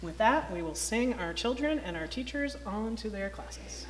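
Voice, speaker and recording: A woman minister at a service, her mid-range voice at a normal speed, alternates between animated storytelling for the children and matter-of-fact announcements. She is in a church sanctuary, where the spacious hall adds reverb and a bit of faint noise.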